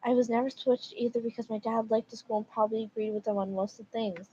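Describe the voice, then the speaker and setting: A woman's voice: fairly high pitch, steady tone, quick pace, mellow, a little hiss or hum. A woman streamer reading stories aloud and reacting casually, with emphatic remarks. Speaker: livestreamer. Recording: dull lo-fi mic.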